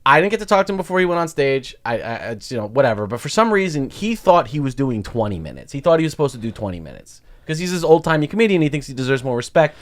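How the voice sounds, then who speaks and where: A man's voice: mid-range voice, quick pace, hardly any pauses. A man co-hosting a comedy podcast, casually telling stories and acting out the people in them. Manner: animated storyteller, acts out quotes. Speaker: podcast co-host, stand-up comedian. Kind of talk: casual chat.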